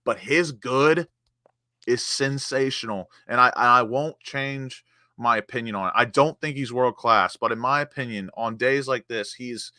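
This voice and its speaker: In a casual football fan chat, a man with a mid-range, pushed and bright voice speaks unhurriedly as a co-host rating players. He gets passionate and emotional and quotes stats, captured in studio quality with no room sound.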